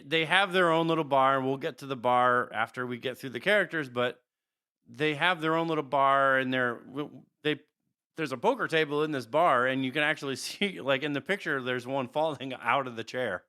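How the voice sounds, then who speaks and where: A man co-hosting a podcast, describing characters in a relaxed, rambling way with frequent chuckles. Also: medium pitch, moderate pace, clean tone. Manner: rambling, chuckles often, restarts. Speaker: podcast co-host. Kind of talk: casual chat describing characters.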